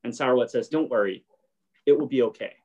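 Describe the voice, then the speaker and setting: A man's voice: mid-range voice, fast, darkish tone, breathy edge, lo-fi sound. Chatty man retelling a show scene. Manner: retells scenes, briefly acting out lines. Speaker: podcast host. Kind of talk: casual chat recapping a show.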